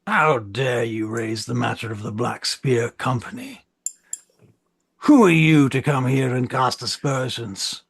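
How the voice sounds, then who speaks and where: A man's voice: medium pitch, expressive, a little slow, creaky, a bit bright, husky, full character voice. A man voicing an affronted male council member who speaks. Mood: indignant. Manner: affronted, demanding.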